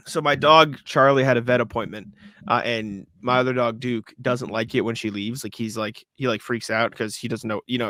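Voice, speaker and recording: A man's voice: medium pitch, no echo. A young man co-hosting a casual sports podcast, telling stories animatedly with plenty of "like" and swearing. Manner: animated storytelling, frequent swearing and filler "like". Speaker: podcast co-host.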